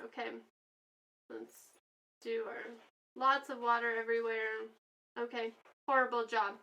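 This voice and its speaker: A woman's voice: a little high, little pitch movement, measured pace, pauses often, bright, forceful tone. A woman teaching a lesson in a chatty way, acting out examples with many fillers. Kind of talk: classroom lesson.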